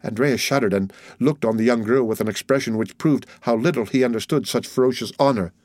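A man reading a classic novel aloud in a steady, measured way. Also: medium pitch, no echo, studio quality. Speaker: audiobook narrator. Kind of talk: scripted narration.

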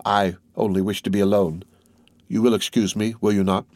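A man's voice: lowish voice, flat delivery, moderate pace, a little mellow, dry recording, lightly acted. A man voicing a grieving father in a read-aloud story, speaking formally and wearily in short, clipped sentences. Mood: weary. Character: grieving father, a stern king's attorney.

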